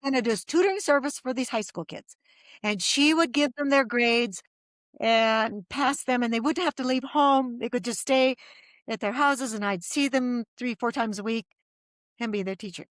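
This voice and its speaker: A woman's voice: on the high side, normal speed, dry recording, studio quality. A middle-aged woman telling her story as a podcast guest, acting out the voices of people she quotes. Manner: lively storyteller who acts out quoted voices.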